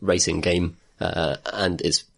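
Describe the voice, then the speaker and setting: A low-pitched British man talks casually on a gaming podcast, circling back on himself and laughing through his sentences. His delivery is loose and unhurried, full of restarts and asides. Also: level tone, vocal fry. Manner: rambling, laughs often, many restarts. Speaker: podcast co-host. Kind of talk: casual chat.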